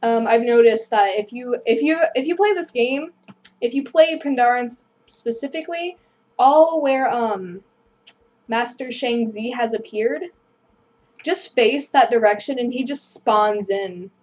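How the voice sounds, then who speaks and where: A woman's voice: a little high, measured pace, a little mellow. A woman hosting a gameplay video, rambling through casual commentary and apologizing self-deprecatingly. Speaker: gaming video host.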